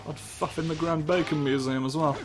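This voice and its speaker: With game music blaring in the background, a man offers comedic, rambling let's play commentary that's absurd, profane, and punctuated by sudden silly voices. He speaks briskly in a slightly high voice with fairly even intonation.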